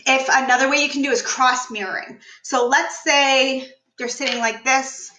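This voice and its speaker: Bright energetic woman coaching live. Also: on the high side, roomy sound, low-quality recording. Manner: energetic, upbeat, demonstrates voices while teaching. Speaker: business coach. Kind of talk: live online workshop teaching. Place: room, standing.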